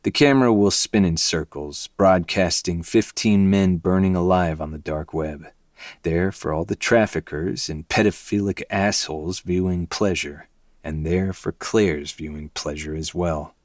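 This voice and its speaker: A man reading a dark novel aloud in first person, with low, intense, brooding delivery. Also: measured pace, no echo, studio quality. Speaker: podcast host reading a novel.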